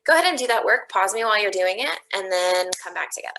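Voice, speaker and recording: A woman's voice: mid-range voice, lively intonation, quick pace, pushed and bright, a little hiss or hum, poor audio. A woman teacher walking students through a recorded online lesson, thinking aloud step by step as she types. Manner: thinks aloud step by step, explaining her reasoning.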